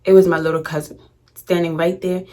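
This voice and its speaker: A woman's voice: fairly low pitch, a little fast. A young woman vlogger telling a funny story in casual, slangy, dramatic fashion. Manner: animated, slangy, dramatic retelling.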